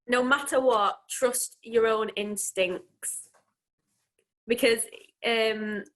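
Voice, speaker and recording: Giggly young woman, slightly high voice. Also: fairly bright tone. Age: 20s. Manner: giggly, chatty. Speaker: children's entertainer. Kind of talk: casual interview.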